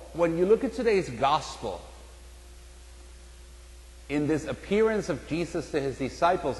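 A priest giving a casual, storytelling sermon, telling a joke before turning to the gospel. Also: male voice, medium pitch. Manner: storytelling, animated in quoted voices. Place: church. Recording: echoey church hall with long reverb.

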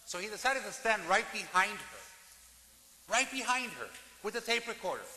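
A man preaching a sermon as the priest of a church, telling jokes with measured pauses. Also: sits high, sing-song, pushed and bright. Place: large church. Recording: echoey church, long reverb.

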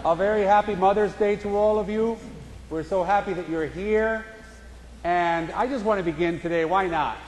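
A man's voice: high-pitched, normal speed, a little hiss or hum. A man preaching a sermon to his congregation, telling a story and acting out the voices in it. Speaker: pastor. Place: church sanctuary. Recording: echoey church hall.

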